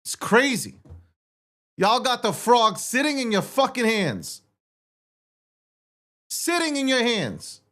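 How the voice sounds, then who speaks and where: A man's voice: very high-pitched, wildly swooping pitch, slow pace, pauses often, a bit bright. A man hosting a livestream, talking in an intense, profane and repetitive rant. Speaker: livestream host. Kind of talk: ranting livestream monologue.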